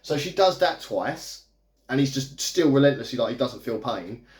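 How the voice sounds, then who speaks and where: A man's voice: medium pitch, animated, normal speed. A man in a casual video review, recapping a movie plot in a chatty, amused, rambling way. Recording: echoey room.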